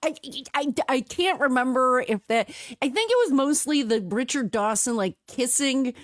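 Chatty animated American woman. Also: high voice, normal speed, dry recording, studio quality. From United States. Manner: chatty, animated, with restarts and laughs. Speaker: podcast co-host. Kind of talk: casual chat.

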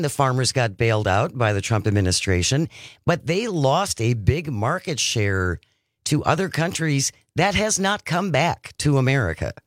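A man hosting a talk show, asking questions and clarifying points slowly and emphatically. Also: mid-range voice, a bit bright, no echo, studio quality. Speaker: radio show host.

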